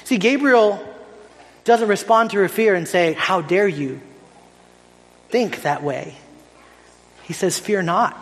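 A man in his thirties preaching a sermon in a conversational, animated way, often asking "right?". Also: high-pitched, long reverb tail, poor audio. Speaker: pastor.

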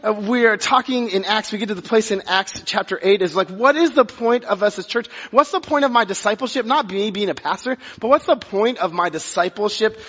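High-voiced pastor preaching in a reverberant hall. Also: male voice, brisk, hardly any pauses, a bit bright. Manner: conversational, lots of fillers and restarts. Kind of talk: sermon. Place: church sanctuary. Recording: muffled sound with long reverb of a hall.

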